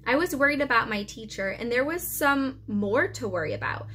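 Bright-voiced woman reading a storybook. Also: a little high, normal speed, a little hiss or hum. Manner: expressive storytelling with occasional stumbles. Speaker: preschool teacher. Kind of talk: reading a children's chapter book aloud.

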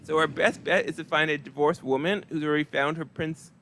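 A man performing a stand-up comedy set with a flat, deadpan, monotone delivery. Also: on the high side, brisk, a little hiss or hum.

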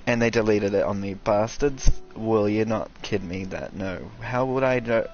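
A young man doing casual, sweary commentary over a video game, ranting and excitable. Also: on the low side, moderate pace, dull audio. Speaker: gaming streamer.

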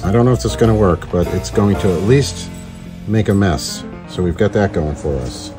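Music plays under this man's low, animated voice as he talks at a moderate pace. He's hosting a relaxed do-it-yourself video about building fishing lures, clowning around with goofy wordplay.

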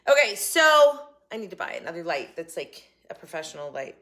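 A woman's voice: fairly low pitch, sing-song, a little fast, a bit bright. A woman hosting a casual shopping haul vlog from her home kitchen, chatty and rambling, often cutting herself off mid-thought. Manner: chatty, rambling, self-interrupting. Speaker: channel host. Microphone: phone camera.

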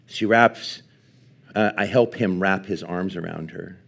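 A man preaching at a live church service, telling a personal story in an earnest, halting way with many restarts. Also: deep voice, vocal fry, a bit bright. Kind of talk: sermon storytelling.

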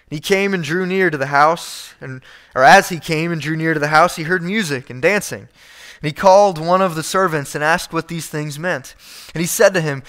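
A man's voice: fairly high pitch, a bit bright. A male pastor preaching a conversational sermon, reading scripture and acting out the quoted speakers, with frequent restarts.

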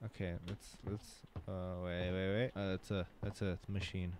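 A man's voice: sits low, level tone, normal speed, heavy background noise. Jumpy man joking through a horror game. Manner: jumpy, loud reactions and joking chatter. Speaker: gaming channel host. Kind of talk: casual horror game commentary.

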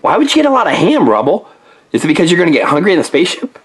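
A man voicing a clever, eager male inventor pup in a toy play-along story, insistent and excited. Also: on the high side, racing, slightly rough, exaggerated voice.

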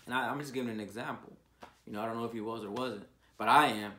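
A man preaching an informal sermon, earnest and repetitive, with his voice rising loud on key words. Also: mid-range voice, fairly even intonation, rapid-fire, echoey room, slight background noise.

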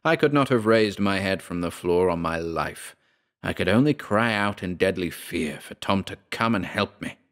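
Man narrating a horror audiobook, low-voiced. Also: animated. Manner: slow, dramatic, hushed in dark passages.

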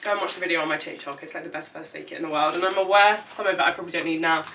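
Bright-voiced chatty young woman. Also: lowish voice, fairly even intonation, racing, far from the mic, a little hiss or hum. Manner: chatty, rambling, lots of "like" fillers. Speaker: vlogger. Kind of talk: casual packing vlog chat.

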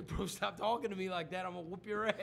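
A man's voice: high-pitched, fast talker, creaky. A man hosting a sports radio show, telling a story in casual studio banter and acting out quotes. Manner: animated storytelling, acts out quotes. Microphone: studio microphone.

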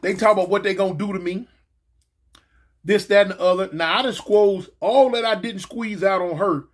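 Man, casual storyteller, slangy, animated, sound effects, big pitch jumps. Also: normal speed. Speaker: storyteller recounting his prison days.

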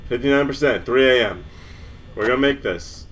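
A man's voice: medium pitch, normal speed, a bit bright, slight background noise. A nervous young man commentating a horror game, stammering, swearing and shaking with fear. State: shaking with nerves. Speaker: gamer.

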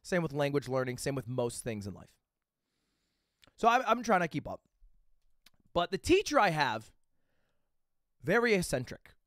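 Animated man telling a rambling story. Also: a little high, dry recording, studio quality. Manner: animated, rambling anecdotes with frequent "okay?" and "right?" check-ins; casual and profane. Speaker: livestreamer. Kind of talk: casual storytelling to a live chat.

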